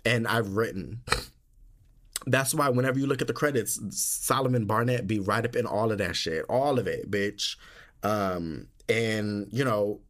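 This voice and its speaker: A young man hosts his own podcast solo, chatting loosely in an unhurried, sassy and dramatic way. When emotion hits, he jumps into high squeals.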